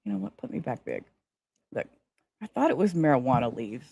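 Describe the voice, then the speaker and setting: A woman's voice: deep voice, very animated, fairly quick, creaky, warm tone, slightly rough. Scattered, chatty woman streamer. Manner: scattered, rambling, self-interrupting. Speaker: livestream host. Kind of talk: casual live-stream chat.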